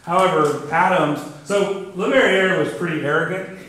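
A man's voice: fairly high pitch, a little slow, a bit bright. A man giving a casual astronomy lecture to a club audience, talking through his slides with lots of fillers. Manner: conversational, many fillers, says "kinda neat". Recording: very echoey room, faint background noise.

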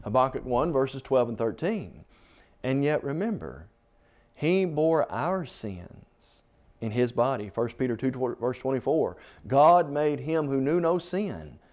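A man's voice: mid-range voice, very animated, a little slow, a little mellow. A man preaching a televised sermon, reading scripture with impassioned, swelling emphasis and calling the listener "friend.".

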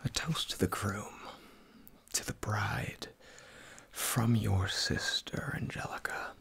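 A man's voice: fairly low pitch, takes it slowly, gravelly, slightly rough, full character voice. A man whispering as a wistful maid of honor. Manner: whispered rap reading, soft. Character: witty older sister, maid of honor. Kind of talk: whispered role-play.

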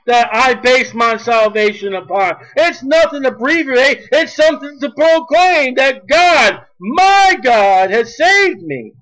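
A man's voice: very high-pitched, expressive, takes it slowly, few pauses, fairly bright tone, rough recording. A man preaching a sermon, emphatic and drawing out key words.

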